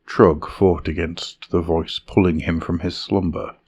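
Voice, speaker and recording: A man reading a fantasy story in a measured, dramatic narration style. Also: low voice, steady tone, a little mellow, slightly rough, lo-fi sound.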